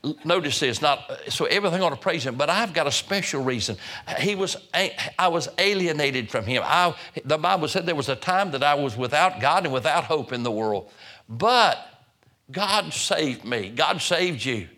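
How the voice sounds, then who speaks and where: A man's voice: fairly high pitch, lively intonation, normal speed, bright, forceful tone. An older man preaching a sermon in a folksy way, often repeating words and restarting phrases.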